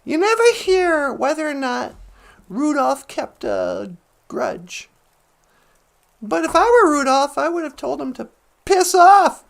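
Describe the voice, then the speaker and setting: Casting note: high, unhurried sarcastic auntie, played by a man, comedic. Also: wildly swooping pitch, vocal fry, full character voice. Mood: snarky. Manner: sarcastic, giggly, sing-song asides. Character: chatty, teasing auntie woman host. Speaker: show character.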